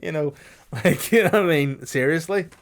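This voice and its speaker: A man's voice: a little high, moderate pace. A young man co-hosts a casual podcast. He swears freely, laughs through his own stories, and keeps slipping into mocking impressions of other people. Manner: laughs a lot, swears, mimics voices. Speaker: podcast co-host. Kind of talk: casual banter.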